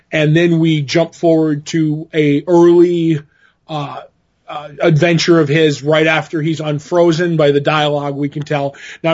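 A man co-hosting a podcast, talking casually and eagerly, halting with restarts. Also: a little high. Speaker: podcast co-host. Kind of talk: casual chat. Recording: dull lo-fi podcast audio.

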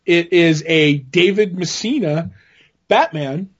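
A man's voice: a little high, slow, dull audio. A man co-hosting a podcast, telling a rambling, self-mocking story in casual chat. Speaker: podcast co-host.

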